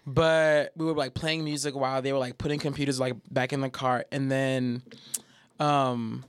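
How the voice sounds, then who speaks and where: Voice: medium pitch, flat delivery, moderate pace, clear, resonant tone, dry recording. A podcast co-host and teacher, telling a story bluntly with plenty of swearing. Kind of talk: casual chat.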